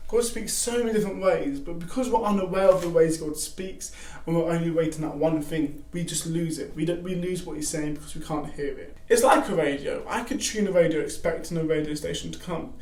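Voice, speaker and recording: A young man giving casual faith advice to camera, animated, acting out excited quotes. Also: on the high side, brisk. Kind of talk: casual devotional talk to camera. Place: garage. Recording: echoey garage from a distance.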